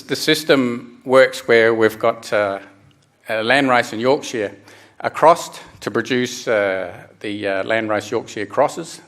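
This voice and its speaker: A middle-aged man presents at a conference in a mid-pitched voice. He explains step by step and often stops to restart a phrase or fill a gap with "uh" and "um". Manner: halting, many restarts and fillers. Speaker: conference speaker. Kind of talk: technical presentation.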